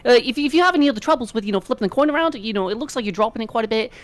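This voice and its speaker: Woman voicing a cocky, needling female monk, put-on Aussie-British twang, bright and pushy. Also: fairly high pitch, animated, racing, close to an everyday voice. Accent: mixed British and Australian put-on. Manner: teasing, needling, slangy.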